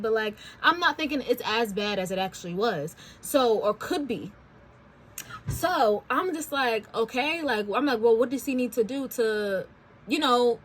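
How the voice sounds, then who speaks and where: A woman's voice: sits high, a bit bright, slight background noise. A woman in her twenties hosting a talk show, telling a personal story in a chatty, candid way with slangy asides. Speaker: podcast host. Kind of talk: casual storytelling.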